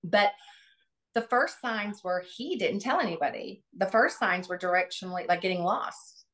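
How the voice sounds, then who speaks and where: A woman's voice: medium pitch, animated, moderate pace, fairly bright tone, slight background noise. A middle-aged woman, a guest on an interview, recalling family memories in an earnest, reflective way with many restarts. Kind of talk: interview, personal recollection.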